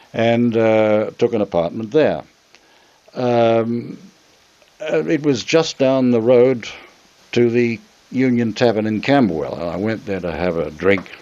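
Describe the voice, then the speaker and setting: Older man from Australia, low and muffled. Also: darkish tone. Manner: rambling, with frequent ums and restarts. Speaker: interview guest, former radio presenter. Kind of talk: reminiscing interview answers.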